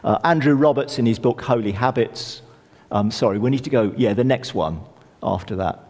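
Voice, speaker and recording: A middle-aged man preaching a sermon in a conversational, lively way with touches of self-deprecating humour. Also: mid-range voice, moderate pace. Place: church hall. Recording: long church reverb.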